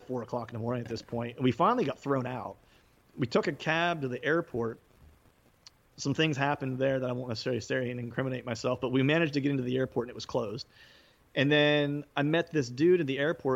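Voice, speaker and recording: Gravelly man telling rambling band stories. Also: mid-range voice, highs cut off. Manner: rambling, peppered with fillers, laughing often. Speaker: musician guest telling a story. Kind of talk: casual storytelling.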